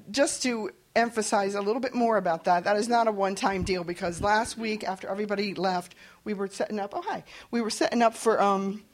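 Earnest woman sharing a church testimony. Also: medium pitch. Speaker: church member giving testimony. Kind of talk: spoken testimony.

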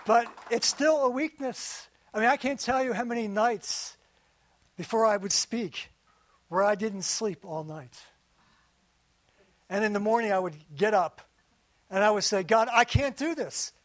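A middle-aged man preaching a sermon in a conversational way, dropping soft and low on the key lines. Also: a little slow, long pauses. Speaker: pastor.

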